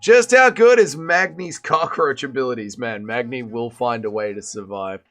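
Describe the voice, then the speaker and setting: A young man hosting a casual livestream, reacting to a fight and reading chat, excitable and swearing, swinging between shouting and mumbling. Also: mid-range voice, normal speed.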